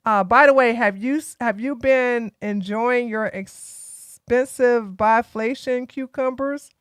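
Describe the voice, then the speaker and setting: Taking it slowly in a smooth voice on the high side, a tired Georgian woman hosts a casual political live stream and talks to her chat bluntly and sassily. Clean studio sound, no room sound.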